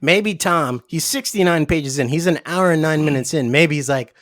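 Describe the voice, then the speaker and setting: A man co-hosting a podcast, chatting casually and reading a comic script aloud with animated delivery and frequent laughs. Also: on the high side, moderate pace, no echo. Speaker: podcast co-host.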